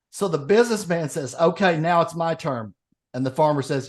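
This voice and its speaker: A man with a fairly high voice talks at a moderate pace while co-hosting a podcast. In a casual chat, he tells a long joke as an animated storyteller, acting out each of its characters.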